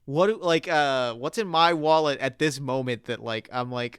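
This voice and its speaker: A man guest on a podcast, chatting in an animated way with lots of filler words and restarts. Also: mid-range voice, a little slow, hardly any pauses, clear, resonant tone, dry recording, studio quality. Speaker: guest author. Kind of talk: casual podcast chat. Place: podcast studio.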